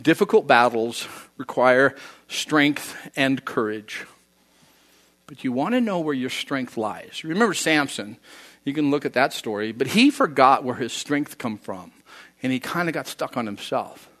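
A man preaching a sermon, animated, acting out quoted voices and swinging from loud to soft. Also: mid-range voice, a little slow. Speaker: pastor.

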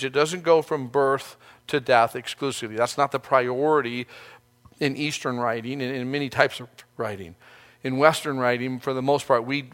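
A man's voice: mid-range voice, a bit bright. A male pastor giving a sermon, speaking earnestly in a conversational way and often restarting his phrases.

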